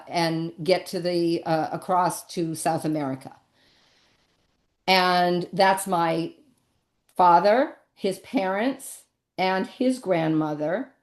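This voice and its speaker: Middle-aged woman telling a family story. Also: on the low side. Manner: conversational storytelling, many ums and restarts. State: emotional. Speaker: presenter. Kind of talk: personal family-history talk.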